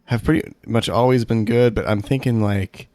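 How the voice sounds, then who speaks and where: A man's voice: on the low side, fairly even intonation, normal speed, darkish tone, no room sound. Hesitant male co-host, dry sound. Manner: hesitant, thinks aloud with many fillers. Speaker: podcast co-host. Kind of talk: casual podcast chat.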